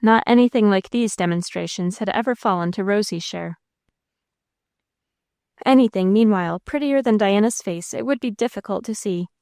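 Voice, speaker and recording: A woman narrator giving a measured, expressive reading of a classic novel into a close mic. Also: mid-range voice, clean tone, no echo. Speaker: audiobook narrator.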